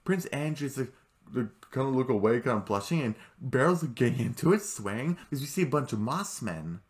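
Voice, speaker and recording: A man casually recapping a cartoon episode, rambling and excitable, with many fillers and restarts, jumping high when he quotes characters. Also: brisk. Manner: jumps into high voices when quoting characters. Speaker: show recap commentator.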